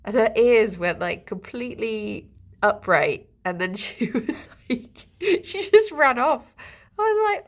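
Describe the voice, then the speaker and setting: Slow, gravelly-voiced giggly woman. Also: on the high side, big pitch swings. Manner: chatty and giggly, talking to her pet rabbits. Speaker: livestreamer. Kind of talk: casual chat to a live audience. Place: home, with pet rabbits.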